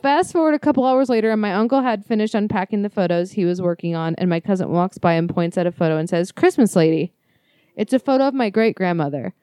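A woman co-hosting a podcast, chatting casually and reading listener ghost stories aloud with quick, laughing, profane asides. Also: mid-range voice, mellow, clean tone, no room sound, clean studio sound. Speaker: podcast co-host.

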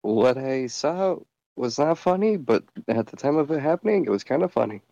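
Gravelly, lively-voiced man joking around. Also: medium pitch, moderate pace, no echo, highs cut off. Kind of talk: casual chat.

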